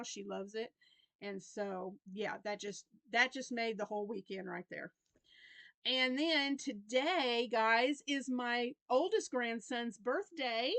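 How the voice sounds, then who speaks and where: A gravelly, medium-pitched woman's voice, recorded dry, belongs to a crochet vlogger. She's a grandmother in her fifties with a Southern American accent, chatting casually to camera about her week, rambling and restarting as she goes.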